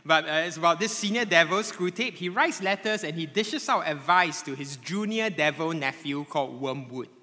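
A man preaching a sermon to a congregation, animated and conversational, often checking in with tag questions like "right?" and "okay?". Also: fairly high pitch, normal speed, few pauses. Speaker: pastor. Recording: long hall reverb.

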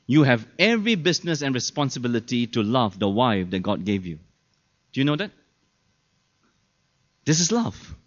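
Captured in a dull lo-fi recording, a man with a high-pitched, somewhat bright voice delivers a sermon as pastor. He's conversational, asks the congregation plenty of rhetorical questions, and performs the people he quotes in altered voices.

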